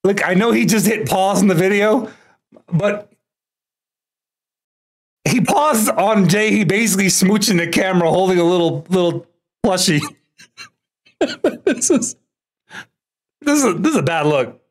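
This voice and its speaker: A man's voice: sits high, expressive, unhurried, pauses often. A man doing casual live-stream commentary while reacting to a video, laughing often and teasing.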